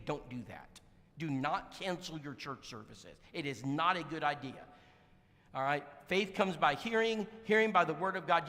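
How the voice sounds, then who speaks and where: A man giving a storytelling sermon, animated and acting out the dialogue. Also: on the high side. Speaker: church speaker. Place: church sanctuary. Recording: echoey church hall.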